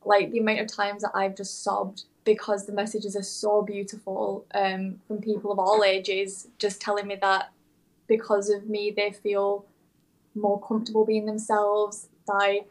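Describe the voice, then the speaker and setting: Young guest, earnest and rambling, vocal fry, level delivery, video call. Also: female voice, medium pitch, monotone, measured pace, poor audio. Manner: rambling, heartfelt, many fillers and restarts. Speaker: podcast guest. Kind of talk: candid interview talk. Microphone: remote video call.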